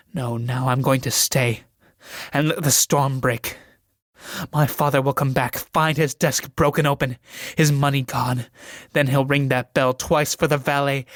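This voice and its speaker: In a solo reading of a stage play, a man voices a proud, desperate young noblewoman, swinging from pleading to furious shrieks with a bitter, scornful mood. His mid-range, fairly bright voice is close to an everyday one, captured in clean studio sound without room noise.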